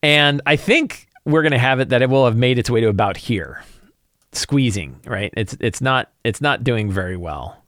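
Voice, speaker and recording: A man's voice: medium pitch, lively intonation, normal speed, fairly bright tone, no echo, studio quality. Rambling male game master. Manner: rambling with many restarts. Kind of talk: casual game prep talk.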